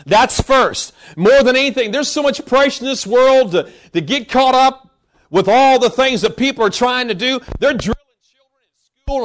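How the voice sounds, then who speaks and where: A man preaching a sermon, emphatic and scolding, bursting into shouts and stretching words for emphasis. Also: very high-pitched.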